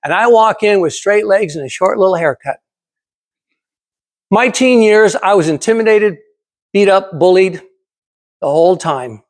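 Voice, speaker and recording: Expressive and unhurried, with long pauses, a man in his seventies delivers a prepared motivational speech at a speaking club. His voice sits high for a man, and he hammers his points home emphatically, repeating them and asking the audience rhetorical questions.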